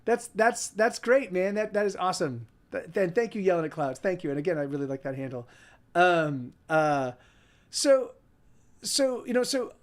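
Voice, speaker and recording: A man hosting a live music stream, chatting casually between songs in a rambling, halting way with many repeated words. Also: high voice, animated. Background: guitar playing.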